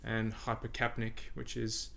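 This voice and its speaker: Gravelly-voiced man explaining breathing. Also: lowish voice, measured pace. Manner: relaxed, repeats words while thinking. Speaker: podcast guest, breathing coach. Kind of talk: casual conversational explaining.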